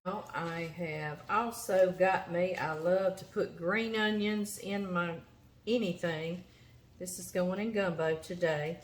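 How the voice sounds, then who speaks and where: A woman's voice: lowish voice, fairly even intonation, slow. A woman with a Louisiana accent, hosting a home cooking show, chatting in a folksy way as she demonstrates knife work in her kitchen. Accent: Southern US, Louisiana. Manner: chatty, folksy, talks to the vegetables. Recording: chopping and kitchen noise behind.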